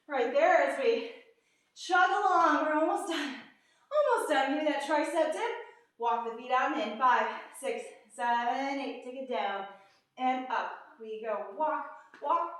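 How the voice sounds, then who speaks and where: A woman's voice: high voice, moderate pace, a bit bright. A woman fitness instructor leading a workout, counting reps and cueing moves while out of breath and upbeat. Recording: echoey room, from a distance.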